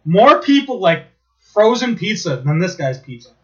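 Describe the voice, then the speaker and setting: A man chatting casually, telling rambling, profane, animated stories. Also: high voice, moderate pace. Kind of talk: casual chat. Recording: dull lo-fi recording.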